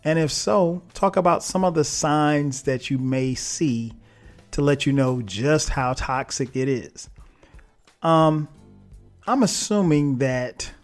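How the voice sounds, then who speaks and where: A man's voice: fairly high pitch, darkish tone. A man hosting his own podcast, talking in a laid-back, chatty way with frequent laughs and fillers. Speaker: podcast host. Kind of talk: casual solo podcast monologue.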